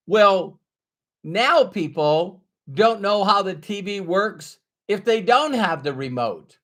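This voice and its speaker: A man's voice: sits high, animated, slow, a bit bright. A middle-aged man giving a motivational talk to camera, emphatic, repeating his key phrases for effect. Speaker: motivational speaker.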